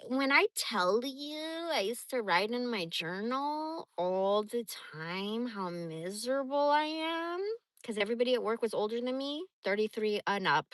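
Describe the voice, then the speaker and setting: A woman in her forties telling stories from her life on a livestream, blunt, animated and full of swearing. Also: mid-range voice, dry recording. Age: 40s. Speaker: livestream host. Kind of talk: casual storytelling.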